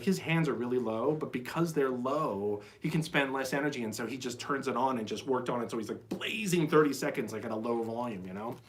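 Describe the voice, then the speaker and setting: A man giving a casual, enthusiastic drum lesson on a live stream, peppering his talk with "like" and "right?" and scatting rhythms aloud. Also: medium pitch. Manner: chatty, enthusiastic, full of "like" and "right?"; scats rhythms aloud with syllables. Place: drum shed. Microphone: phone.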